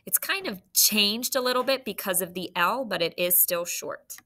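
An adult woman teacher giving a recorded phonics lesson, dictating slowly and prompting students with questions. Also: mid-range voice, sharp tone, a little hiss or hum.

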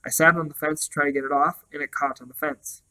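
A man voicing a foolish, frightened young male crow in a storybook reading, speaking in a hurried, pleading way. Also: a little high, steady tone, bright, forceful tone, poor audio. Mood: anxious.

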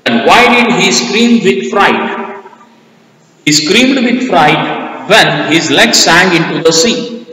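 A man's voice: high voice, slow, sharp tone. A man with an Indian English accent, a school English teacher who methodically reads out questions, answers and word meanings in a plain classroom manner. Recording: echoey hall, voice far from the mic.

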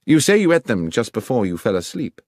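A brisk, commanding detective, read by a man in an audiobook, every word crisply placed. The voice sits a little above the reader's own and moves in lively rises and falls. The sound is close and dry. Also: medium pitch, no room sound, pitched above the performer's own voice. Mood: incisive. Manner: crisp, commanding, precise diction. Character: brisk, incisive older male detective. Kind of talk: audiobook character reading.

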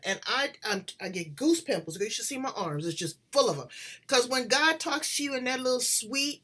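A woman hosting a talk show, telling stories in an animated, exclamatory way during a casual, faith-filled chat. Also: fairly high pitch, moderate pace, husky.

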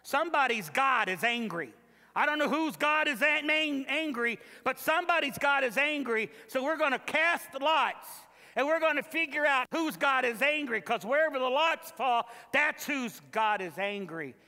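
Frightened sailors fret and repeat themselves in anxious bursts, as a male preacher puts them on. The voice is tense and bright. A long church reverb trails every line. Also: extremely high pitch, lively intonation, normal speed, pitched above the performer's own voice, heavily acted. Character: frightened sailors, grown men, panicky.

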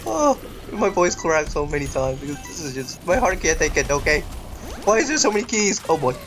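A woman hosting a gaming channel, giving rambling, self-mocking let's play commentary that breaks into yells and laughter during tense fights. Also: sits low, sing-song, fairly quick, soft background music.

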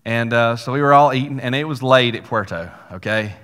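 A pastor with a drawl preaches a sermon as a folksy story, tossing little asides to his church. His mid-range voice is brisk, smooth and fairly bright, carrying a long reverb through the sanctuary.

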